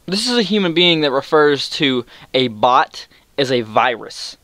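A young man telling a story in an exasperated, sarcastic rant, swearing freely and breaking into sudden high outbursts. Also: a little slow, few pauses, fairly bright tone, no echo. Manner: jumps to high-pitched outbursts. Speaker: vlogger. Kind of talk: ranting storytime.

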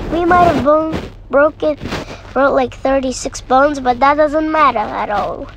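Rambling high-voiced woman narrating a game. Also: unhurried, noisy background. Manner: rambling, excitable, repeats phrases. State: sick. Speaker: gamer. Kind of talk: let's-play commentary.

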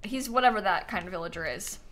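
Bright-voiced young woman streaming sleepily. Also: mid-range voice, fast talker, a little hiss or hum. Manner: chatty, thinking aloud, thanking viewers. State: sleepy, yawning. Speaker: livestreamer. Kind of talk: casual gaming stream chat.

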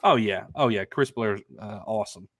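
A man's voice: fairly low pitch, moderate pace, a bit bright, no echo, clean studio sound. A man co-hosting a casual sports talk stream, sounding stuffy and nasal from allergies, upbeat and chatty with lots of fillers. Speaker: co-host. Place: at home in Arkansas. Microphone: remote stream microphone.

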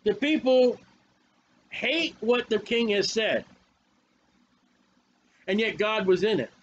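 Fiery high-voiced male preacher. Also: expressive, slow, muffled recording, a little hiss or hum. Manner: fiery, confrontational, repetitive. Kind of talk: sermon.

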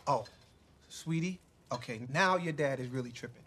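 An actor playing a flustered, worn-out young husband who talks slowly and drifts into baby talk. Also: male voice, mid-range voice, a bit bright, slightly rough. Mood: bewildered. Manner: slow, bewildered, baby talk to an infant.

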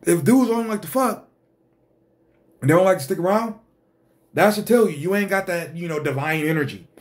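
A man's voice: high-pitched, normal speed. A man hosting an exasperated ranting commentary, blunt and profane. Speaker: host.

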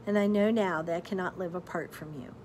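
A brave young warrior from a storybook speaks with earnest resolve, as a woman reads him aloud. Plain and steady, close to an everyday reading voice. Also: lowish voice, fast talker, slight background noise, natural voice. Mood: resolute. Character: brave young male warrior, devoted lover.

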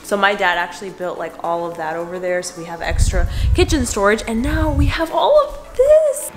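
A woman's voice: mid-range voice, animated, a little fast, faint music behind. A young woman chatting casually to her vlog camera, bubbly and gushing. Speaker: vlogger.

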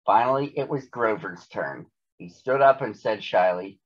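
A man reading a children's storybook aloud in a gentle, unhurried way. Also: on the low side. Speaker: storybook reader. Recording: dull lo-fi recording.

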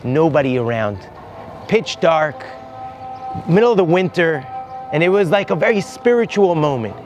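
A man's voice: fairly high pitch, background noise. A man, a rabbi and tour guide, telling a heartfelt story to visitors outdoors at a holy site, with Hebrew phrases mixed in.

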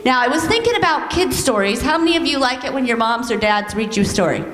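A woman teaching a children's church lesson, telling a story in an animated, coaxing way and leading the kids in call-and-response. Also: sits high, quick pace. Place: church sanctuary. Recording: echoey hall, heard from some distance.

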